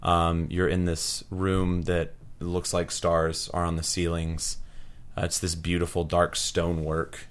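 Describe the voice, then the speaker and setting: A man narrating as game master, relaxed and unhurried, with lots of ums. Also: sits low, smooth.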